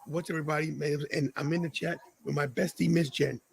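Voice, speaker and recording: A young man hosting a live wrestling watch-along podcast, talking casually and reacting excitably. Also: fairly high pitch, a little fast, gravelly. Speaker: podcast host.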